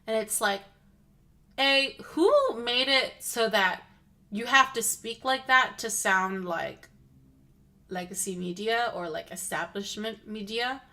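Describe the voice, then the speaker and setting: A woman's voice: mid-range voice, slow pace, sharp tone. A woman streamer giving casual political commentary, rambling with lots of "like" fillers and feeling car sick.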